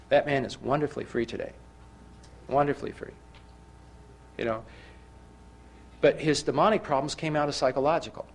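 A male preacher delivering a sermon in a mid-pitched voice. He tells his story with animated rises and emphatic bursts, often stumbling and restarting his sentences. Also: normal speed, vocal fry, pauses often, slightly rough.

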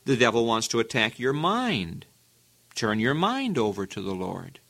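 Male preacher, middle-pitched, emphatic sermon delivery with rhetorical questions. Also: sing-song, measured pace, fairly bright tone. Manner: earnest, emphatic, with sudden rises in pitch.

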